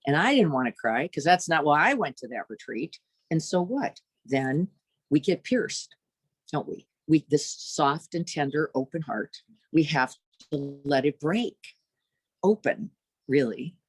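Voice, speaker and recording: A woman meditation teacher giving a dharma talk, lively and searching, tossing rhetorical questions to her listeners and acting out inner voices. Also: deep voice, unhurried, breathy edge, no echo.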